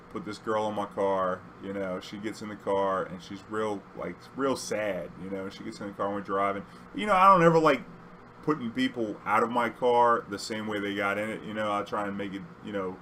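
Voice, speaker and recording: A man's voice: lowish voice, a bit bright, slight background noise. A young man, a taxi driver telling a story in a loose, rambling way full of fillers. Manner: rambling, loose delivery full of "you know". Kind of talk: casual storytelling.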